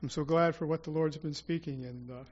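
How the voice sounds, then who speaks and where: A man's voice: on the high side, fairly even intonation, brisk, darkish tone, lo-fi sound. A man preaching an informal, rambling sermon to his congregation, with prayerful asides and restarts. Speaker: church speaker.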